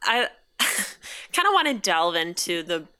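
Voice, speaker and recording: A woman co-hosting a podcast in an excitable, casual chat, swearing and laughing often. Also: on the low side, unhurried, clean tone. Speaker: podcast co-host.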